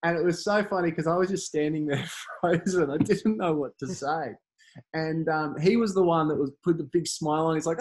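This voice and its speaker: A man in his thirties, a guest in a casual interview, talking in a halting way with many fillers and restarts. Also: a little high, a little mellow. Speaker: campaign organiser, guest.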